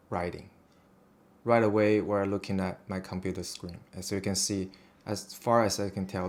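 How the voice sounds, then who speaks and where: Man, very low and gravelly, flat and slow, halting casual teacher. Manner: halting, self-deprecating, with fillers. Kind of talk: casual screen lesson.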